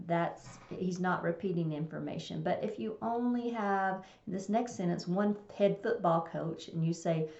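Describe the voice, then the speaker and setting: Low-voiced woman explaining commas, kinda roomy muffled recording. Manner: plain explanatory, reads example sentences aloud. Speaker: teacher. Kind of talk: recorded test-prep lesson. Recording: echoey room, dull lo-fi sound.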